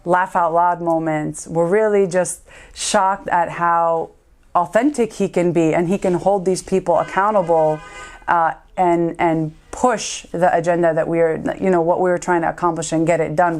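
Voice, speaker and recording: A woman's voice: lowish voice, fairly even intonation, normal speed, darkish tone. A woman in her thirties, a community lawyer, giving an earnest, heartfelt tribute in a recorded interview, with frequent "um" and "uh" fillers.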